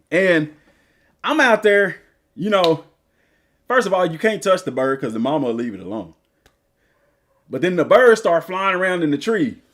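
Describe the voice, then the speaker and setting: A man's voice: high-pitched, fairly bright tone. A male gaming streamer chatting casually and rambling through stories while he plays. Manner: rambling, loose storytelling. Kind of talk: casual live-stream chat.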